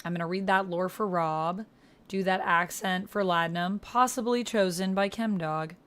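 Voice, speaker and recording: A woman's voice: on the low side, normal speed, a bit bright. Woman streamer, casual gaming chat, reads out comments, encouraging replies. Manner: reads viewer comments aloud and answers them; encouraging, supportive.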